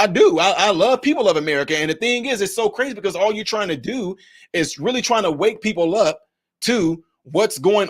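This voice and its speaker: Male livestream host, high-pitched, emphatic and repetitive, speaks straight to his chat. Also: fairly bright tone. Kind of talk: political commentary livestream.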